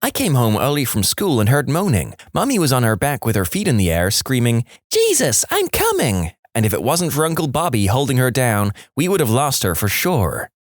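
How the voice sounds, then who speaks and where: A little boy in a joke, squeaky and breathless with worry, as a man puts him on. His voice sits far above a man's normal pitch. The sound is dry and close. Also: very animated, a little fast, few pauses, no room sound, natural voice. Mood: panicked. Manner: high squeaky child voice.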